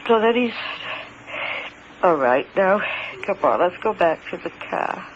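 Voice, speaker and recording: A man with a high voice recounts an encounter in the first person, stumbling and repeating himself before pressing his points hard. The recording is dull and lo-fi, with a faint hiss underneath. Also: animated. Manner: hesitant, halting, repeats words, grows emphatic.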